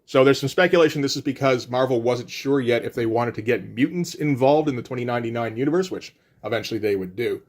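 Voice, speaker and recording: A man's voice: mid-range voice, fast, hardly any pauses. A middle-aged man giving casual commentary as a comic book reviewer, wry and rambling with offhand asides.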